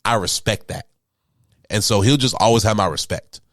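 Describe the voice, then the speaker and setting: Young man with a low voice, slangy. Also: moderate pace, no echo, studio quality. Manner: relaxed slangy banter, swearing freely. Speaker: podcast co-host. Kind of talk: casual chat.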